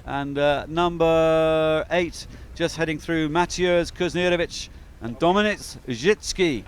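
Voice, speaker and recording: A man's voice: on the high side, takes it slowly, a little hiss or hum. A man giving chatty, upbeat live commentary on a sailing race, with frequent fillers.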